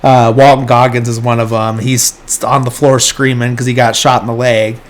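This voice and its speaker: A man's voice: medium pitch, little pitch movement, normal speed, slight background noise. A man hosting a podcast, casually retelling a film's plot in a loose, rambling way and briefly acting out the characters' lines. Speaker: podcast host. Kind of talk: casual movie plot recap.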